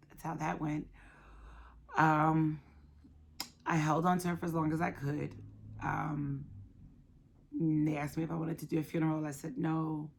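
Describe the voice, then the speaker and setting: A woman in her thirties telling a personal story of loss, soft-spoken and halting, with many pauses. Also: low-pitched, gravelly. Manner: emotional, quietly reliving a loss. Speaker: guest sharing her story.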